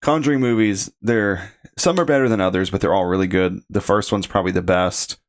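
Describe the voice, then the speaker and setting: A man's voice: deep voice, a little fast. A man hosting a podcast in casual chat, easygoing and chuckling between remarks. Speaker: podcast host.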